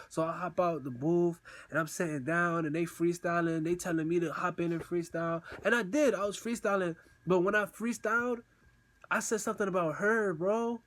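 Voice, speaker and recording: Young male vlogger, high voice, casual slangy storyteller, acts out crying. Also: a little fast, a bit bright. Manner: slangy, repeats himself, says "bro" a lot.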